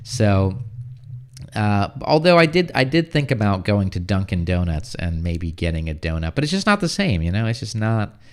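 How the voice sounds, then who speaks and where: An American man giving a casual livestream English lesson, chatting with viewers and explaining words slowly, often checking with "right?". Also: lowish voice, big pitch swings, clear, resonant tone. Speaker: English teacher. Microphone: streaming setup.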